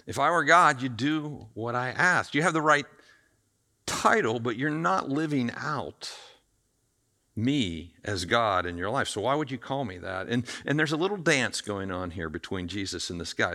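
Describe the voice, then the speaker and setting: A man preaching a conversational sermon, acting out the quoted voices with lively shifts in loudness. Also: mid-range voice. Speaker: pastor.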